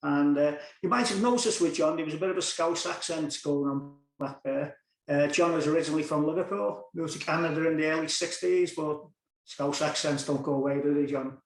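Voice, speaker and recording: A man's voice: a little high, fairly quick. A man hosting an amateur concert, chatty and joking, chuckling at his own punchlines. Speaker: concert host. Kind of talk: casual emcee patter with jokes. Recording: roomy, echoey sound.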